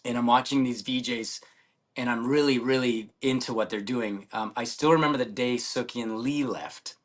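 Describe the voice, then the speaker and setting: A middle-aged man swaps old stories in a relaxed chat. He talks eagerly, trips over his words and repeats them as he goes. His voice sits at an ordinary middle pitch. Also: normal speed. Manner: excitable storyteller, stammers and repeats words. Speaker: guest, former music TV host. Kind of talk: casual reminiscing chat.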